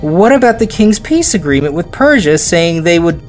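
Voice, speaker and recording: A man's voice: sits high, sing-song, normal speed. A man hosting a podcast, telling history in a casual, joking way that drops into silly voices, with faint music behind. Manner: jokey, laughs often, drops into silly voices. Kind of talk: casual storytelling chat.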